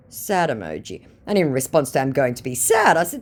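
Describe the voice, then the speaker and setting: A woman's voice: low-pitched, wildly swooping pitch, a little fast, few pauses. A young woman reading out chat messages in a dry, sarcastic comedic narration. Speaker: scambaiter narrating chats.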